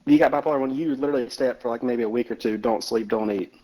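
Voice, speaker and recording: A man's voice: medium pitch, very fast, dark tone, rough recording. Rambling, cussing young guy telling stories. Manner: rambling storytelling, heavy swearing, lots of "like". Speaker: gamer chatting with a friend. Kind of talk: casual chat over a game.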